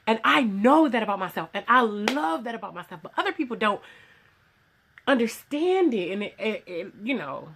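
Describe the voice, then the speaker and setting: This woman's voice sits on the high side, very animated and creaky, moving at a moderate pace with background noise behind it. She owns a small business and is filming a casual home vlog in her sewing room, offering an earnest, rambling testimony full of restarts and quoted voices.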